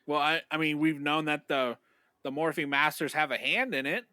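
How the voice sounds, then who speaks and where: A man chatting eagerly on a fan podcast, quick to agree. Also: a little high, pushed and bright, clear, resonant tone, dry recording. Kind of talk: casual fan chat.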